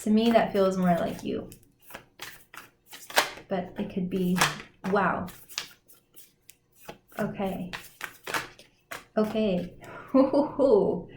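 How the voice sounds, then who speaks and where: A woman's voice: medium pitch, very slow, pauses often. A woman giving a casual intuitive oracle card reading, exclaiming and laughing often, with many fillers. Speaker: tarot and oracle card reader. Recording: echoey room, faint noise.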